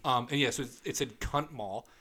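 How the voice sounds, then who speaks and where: A man's voice: medium pitch, a little fast, pushed and bright. A young man co-hosts a casual podcast. He spins a crude dating story, swears a lot and voices both sides of a text exchange. His voice sits in the middle range. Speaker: podcast co-host.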